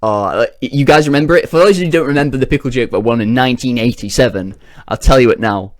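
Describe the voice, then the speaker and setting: A man's voice: mid-range voice, quick pace, no room sound, studio quality. A man telling crude jokes in a rambling, self-interrupting way. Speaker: comedian. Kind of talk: rambling comic joke-telling.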